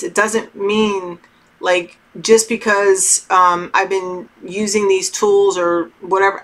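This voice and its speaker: A middle-aged woman giving casual spiritual advice to her viewers, talking slowly and candidly with many fillers and some swearing. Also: mid-range voice, a bit bright. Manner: candid, loose and swears freely; slow, meandering talk with many fillers. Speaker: tarot channel host.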